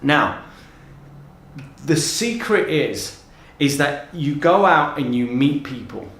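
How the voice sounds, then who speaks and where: A man's voice: fairly high pitch, very animated, slow, a bit bright, reverberant. A man giving coaching advice straight to camera, talking with energy and emphasis, often repeating words as he goes. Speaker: transformational coach.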